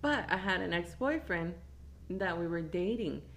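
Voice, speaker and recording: A woman telling a story in a relaxed podcast conversation. She talks casually and gets animated as she goes, her voice leaping up into squeals when she acts out what she said. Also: on the low side, moderate pace.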